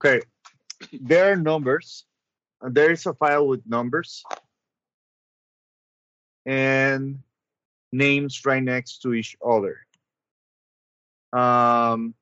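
Slow-talking guy running a tabletop game on a call, lots of ums, dull dry audio. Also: medium pitch, fairly bright tone, dry recording. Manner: measured, hesitant, with frequent ums. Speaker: game master. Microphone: online voice call.

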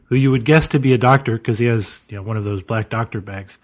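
A man narrating a tabletop game as game master, halting and full of "you know" fillers. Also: mid-range voice.

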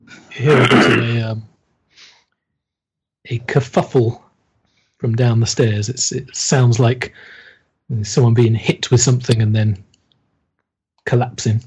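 A man's voice: mid-range voice, flat delivery, measured pace, long pauses, darkish tone, slightly rough. A man narrating a tabletop horror game as game master, hesitant, with many ums.

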